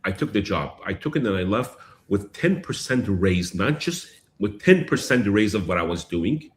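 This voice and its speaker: A man being interviewed, telling a personal story in a lively way and acting out what people said. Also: fairly low pitch, normal speed, slight background noise. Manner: animated, acts out dialogue, repeats phrases. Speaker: guest.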